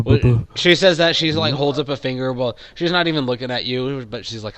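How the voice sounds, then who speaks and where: A man's voice: mid-range voice, moderate pace, few pauses, a bit bright. A young man narrating a tabletop game as game master, casual and rambling with fillers.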